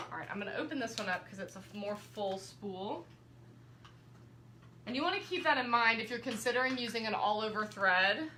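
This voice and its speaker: A woman's voice: mid-range voice, bright, forceful tone, slight background noise. A young woman, chatting through a live quilting demo and talking straight to her viewers. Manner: chatty, friendly, addresses viewers directly. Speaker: quilting teacher. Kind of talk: live-streamed quilting demonstration. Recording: echoey room.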